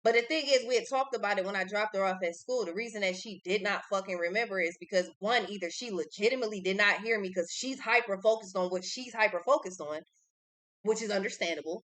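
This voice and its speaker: Tarot reader, young woman, blunt and profane, bright tense tone. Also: medium pitch, fast. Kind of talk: casual tarot reading monologue.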